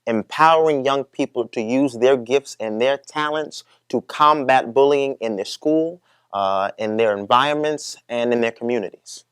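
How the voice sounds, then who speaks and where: A young man answers interview questions in a polished, articulate manner, as if well rehearsed. His pitch sits in the middle. The sound is dry and close. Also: moderate pace, a bit bright, smooth, no room sound. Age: young adult. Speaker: guest speaker.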